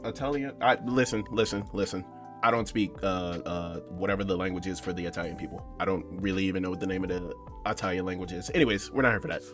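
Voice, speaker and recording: A man's voice: deep voice, fast, over music. A man casually commentating a horror game for his channel, rambling and joking with his viewers. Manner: rambling, joking, talks to viewers as "bro" and "y'all". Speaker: gaming YouTuber. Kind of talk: casual let's-play commentary.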